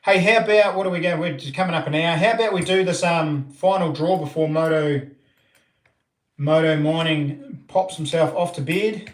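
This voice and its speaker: A man's voice: fairly high pitch, normal speed. Rambling New Zealand man, roomy echo. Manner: rambling, many ums and restarts. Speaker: live-stream host. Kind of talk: casual live-stream chat.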